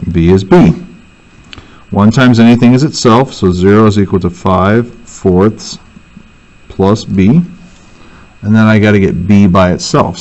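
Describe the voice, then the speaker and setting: Low-voiced male teacher thinking aloud. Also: a little mellow, muffled recording. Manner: thinks aloud, self-correcting. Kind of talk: worksheet walkthrough lesson.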